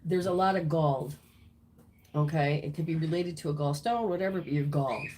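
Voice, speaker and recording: A woman's voice: low voice, fairly quick, mellow, slight background noise. A woman teaching as a spiritual healer and intuitive reader during a live-streamed session at home. She acts out people's reactions in quoted voices.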